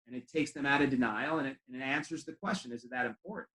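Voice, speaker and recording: A man with a fast, somewhat high, slightly bright voice coaches chiropractors in a training talk, recorded roughly with a roomy sound. He's conversational, telling stories and acting out the quoted dialogue.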